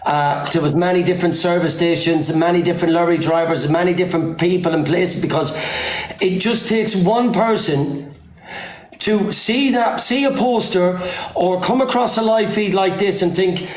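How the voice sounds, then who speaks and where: A man's voice: sits high, normal speed, reverberant, rough recording. A man hosting a livestream, talking emphatically and repeating himself for stress. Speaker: livestream host. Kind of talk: campaigning livestream talk.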